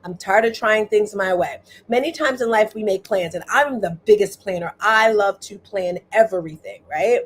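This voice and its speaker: A woman in the middle of her pitch range leads a motivational livestream. She talks in a chatty, animated way, turning to her viewers again and again with quick questions, close to her webcam mic. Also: slightly rough. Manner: animated, chatty, addresses viewers directly, frequent "right?". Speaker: livestream host.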